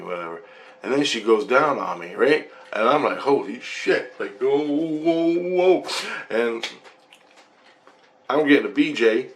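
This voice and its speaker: A man with a fairly low voice telling a dream story on his vlog. He rambles, restarts and gets excited, peppering it with swearing. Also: creaky, slight background noise. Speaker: vlogger.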